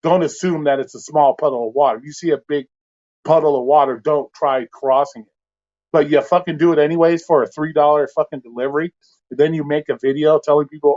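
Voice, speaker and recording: A man's voice: on the high side, a little fast, darkish tone, muffled recording. Blunt, profane man ranting on a livestream. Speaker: livestream host. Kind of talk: casual livestream rant.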